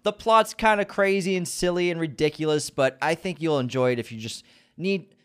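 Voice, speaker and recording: A man's voice: a little high, clear, resonant tone. A man co-hosting a podcast, talking about movies in an upbeat, jokey, casual way. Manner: upbeat, jokey, quick asides. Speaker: podcast co-host.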